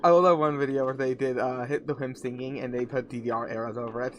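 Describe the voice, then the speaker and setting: Young dude bantering and giggling on a stream, mid-pitched, faint hiss. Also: male voice, fairly even intonation, quick pace. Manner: chatty, giggly, joking.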